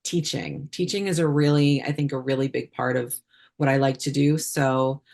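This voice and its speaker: A woman with a low-pitched voice talks casually as a podcast guest. She wanders through her answers with frequent ums and false starts. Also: fairly even intonation, normal speed, vocal fry, darkish tone. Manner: chatty, many fillers and restarts. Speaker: puppeteer guest. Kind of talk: casual interview chat.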